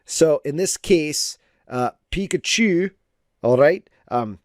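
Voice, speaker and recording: Fairly high in pitch and expressive, this man takes it slowly; the recording is studio quality with no room sound. He draws on a livestream as a digital artist, chatting loosely, full of fillers and mock lessons given in fun.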